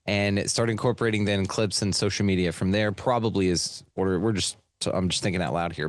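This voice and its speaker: An American man hosting a podcast in casual chat, laughing often and thinking out loud. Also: lowish voice, dry recording. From United States. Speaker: podcast host.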